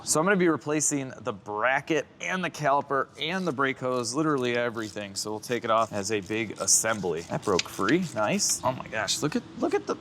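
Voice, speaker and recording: Recorded on a handheld camera as he works, with some hiss or hum in the audio, this man talks through his car repair in his garage. He's a restoration vlogger with a mid-range, fairly bright voice, slightly congested, chatty and self-joking as he drifts onto tangents.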